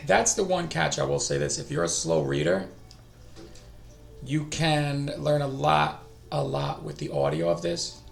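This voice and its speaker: A middle-aged man hosts a language-learning live stream, thinking aloud in a casual way and often trailing off before starting over. His voice sits a little high and has some vocal fry.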